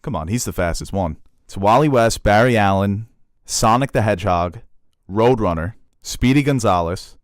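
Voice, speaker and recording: A man's voice: on the low side, lively intonation, moderate pace, dry recording, clean studio sound. A man co-hosting a casual chat about movie trailers, joking and enthusiastic. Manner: joking, enthusiastic, riffs with goofy voices. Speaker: co-host.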